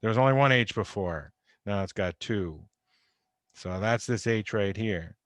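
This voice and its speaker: A man's voice: lowish voice, unhurried, dry recording, studio quality. Man teaching chemistry over video call. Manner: conversational, repeats key points, stresses warnings. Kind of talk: recorded online lecture. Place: home or office on a video call. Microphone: computer microphone.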